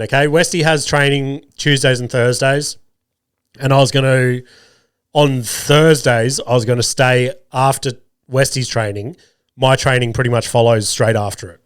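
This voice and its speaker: Sick sweary Australian podcast host. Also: male voice, medium pitch, unhurried, clear, resonant tone, no room sound, studio quality. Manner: sweary, self-deprecating, animated retelling. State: sick, voice rough. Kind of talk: casual storytelling monologue.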